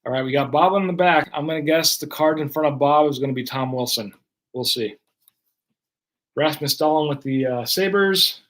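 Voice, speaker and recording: Casual male card-break streamer, slightly higher voice, loose running commentary. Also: normal speed, a bit bright. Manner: chatty, running play-by-play of cards.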